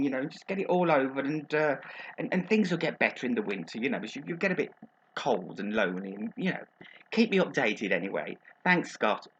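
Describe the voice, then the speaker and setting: A man's voice: a little high, muffled recording, a little hiss or hum, close to an everyday voice. A man playing a chatty middle-aged female agony aunt from Birmingham who calls everyone darling and drops innuendo. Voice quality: gossipy, innuendo-laden, calls people darling. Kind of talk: comic advice show monologue.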